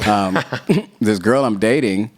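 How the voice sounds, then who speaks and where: A man's voice: fairly low pitch, slow. A man, a rapper guest on a podcast, telling a long profane story in casual talk and acting out other people's lines.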